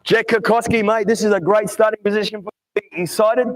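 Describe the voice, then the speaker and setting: With a high voice, fairly even intonation and a fairly quick pace, a grid announcer talks to young drivers before a night kart race. He keeps things upbeat and pally, calling each one mate.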